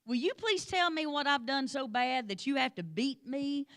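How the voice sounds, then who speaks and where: A woman's voice: sits high, lively intonation, normal speed, a bit bright. A woman voicing a frightened talking donkey that pleads with and scolds its rider. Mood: pleading. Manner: pleading, exasperated.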